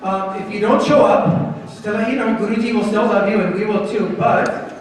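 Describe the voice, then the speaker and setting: A man with a high voice coaxes a room of children, teasing them with questions in a playful teacher's manner. His voice rings through a big echoing temple hall, picked up from far off. A faint hum sits behind it. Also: fairly even intonation, normal speed. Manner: coaxing, playful, asks the kids questions. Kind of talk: lively talk to children at a temple program.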